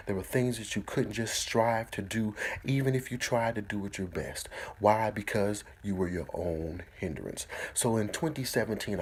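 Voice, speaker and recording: A man giving an inspirational sermon, repeating a key phrase slowly and with emphasis. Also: on the low side, husky. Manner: repeats a slow, drawn-out mantra. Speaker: motivational speaker.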